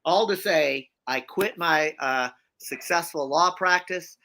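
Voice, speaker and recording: A man, a guest in a conversational interview, telling his story in an animated, emphatic way with frequent restarts and repeated phrases. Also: a little high, slow pace.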